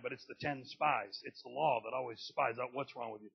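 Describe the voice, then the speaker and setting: Gravelly, husky-voiced preacher man. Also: brisk, hardly any pauses, dull audio. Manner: builds from low talk to loud shouting, acts out family members. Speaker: pastor. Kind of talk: sermon.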